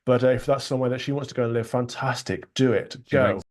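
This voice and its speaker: Fast, blunt man giving opinions. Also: mid-range voice. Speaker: guest commentator in a clip. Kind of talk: TV interview commentary.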